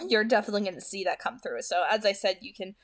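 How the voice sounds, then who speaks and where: A young woman with a New Jersey accent chats loosely to her viewers after a book reading. Her talk rambles, full of fillers and repeated words, at an ordinary pitch for a woman. The sound is a plain home-microphone recording. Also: quick pace. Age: 20s. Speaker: book reading channel host. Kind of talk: casual commentary after a read-aloud. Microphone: home studio microphone.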